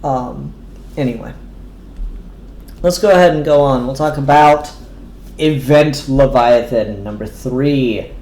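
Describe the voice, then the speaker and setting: A man's voice: mid-range voice, slow, long pauses, a little mellow, a little hiss or hum. Rambling man in an echoey room. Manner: rambling, many ums and restarts, swears casually. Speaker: comic book reviewer. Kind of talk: casual chat. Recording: echoey room with faint ambience.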